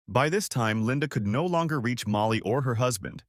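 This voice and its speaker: A man narrating a dramatic audiobook story in an expressive reading voice. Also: medium pitch, normal speed, few pauses, no room sound, clean studio sound.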